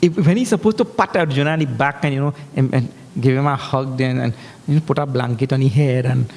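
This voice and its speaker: A man giving a humorous, animated scripture discourse as a spiritual teacher, breaking into chanted verses. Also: mid-range voice, quick pace, gravelly. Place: large hall. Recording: echoey hall.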